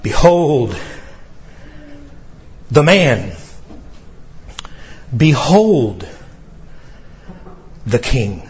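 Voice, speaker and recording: A man preaching a sermon, building to loud exclamations and slowing down for emphasis. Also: mid-range voice, very animated, dull audio, a little hiss or hum. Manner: dramatic preaching with rising exclamations and slow emphatic pauses. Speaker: pastor.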